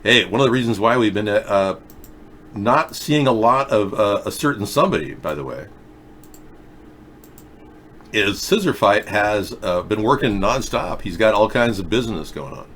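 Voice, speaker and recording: A middle-aged man hosts a loose live video chat show, joking and rambling off on sarcastic tangents. His voice swoops up and down, lively and animated, with a faint hum of noise behind it. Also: on the low side, moderate pace. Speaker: talk show host reading viewer chat.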